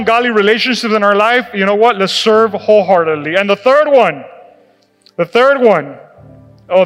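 A high-voiced male pastor delivers an animated sermon in a church sanctuary, laughing and acting out the voices of people he quotes. The recording echoes through the hall, with music present.

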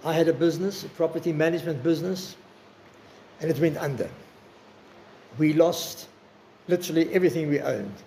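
An older man preaching with earnest, personal warmth, his voice a little high with a gravelly edge. He slows down to stress his words. Faint room noise sits under the recording. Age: 60s. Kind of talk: sermon.

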